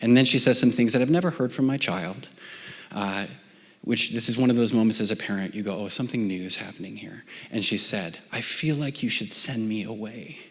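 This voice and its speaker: In a church auditorium, a middle-aged pastor delivers a brisk, conversational sermon at medium pitch, talking to the congregation like friends. He often sinks to a soft near-whisper, and a long reverb fills the hall.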